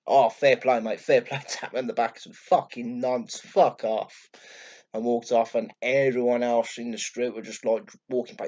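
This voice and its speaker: A man with a Birmingham accent recounts a story to camera, blunt and sweary, and keeps slipping into the voices of the people in it. His voice sits at an ordinary middle pitch. The recording is dull and lo-fi. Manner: blunt, sweary and excitable, acting out quotes. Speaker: vlogger. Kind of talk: casual storytelling vlog.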